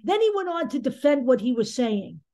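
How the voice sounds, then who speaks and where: Brief: woman commentator, high voice, angry and sarcastic, blunt and profane delivery. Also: sing-song, a little fast, warm tone. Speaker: political commentary host. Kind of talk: opinion commentary monologue.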